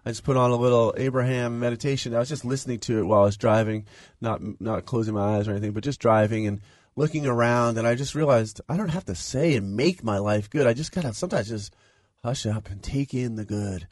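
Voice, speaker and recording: A man's voice: medium pitch, fairly quick, darkish tone, no echo. A man with a mid-range voice co-hosts a spiritual radio show. He muses thoughtfully and chimes in with frequent agreement. The sound is close and dry, with no room at all. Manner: reflective, affirming, frequent agreement. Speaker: radio co-host. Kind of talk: casual spiritual radio chat. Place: radio studio.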